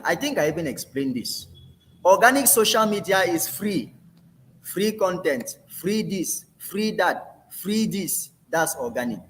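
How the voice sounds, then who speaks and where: A man leads a training session in a fairly high, lively voice that rises and falls a lot. He repeats key phrases for emphasis and drops in casual asides as he explains. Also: measured pace, a little hiss or hum.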